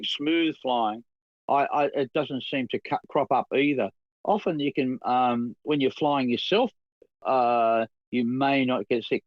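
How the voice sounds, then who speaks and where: A man's voice: mid-range voice, dry recording. A man co-hosting a live stream, musing thoughtfully on a theory. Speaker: co-host. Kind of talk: casual live-stream chat. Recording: dull dry lo-fi audio.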